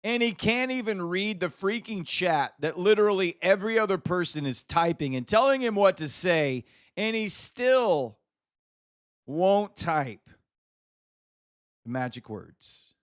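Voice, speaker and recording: A man with a high, smooth, clear voice hosts a live stream. He teases a viewer and scolds him in mock exasperation. The sound is dry and close, with no room around it. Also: lively intonation, measured pace, no room sound. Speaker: livestream host. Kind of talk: live stream chat banter.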